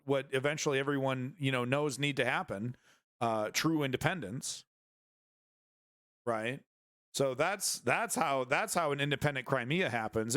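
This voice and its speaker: A man's voice: mid-range voice, fairly bright tone, no room sound, clean studio sound. Rambling, crude-joking male stream host. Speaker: streaming news show host. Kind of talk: casual live-stream commentary.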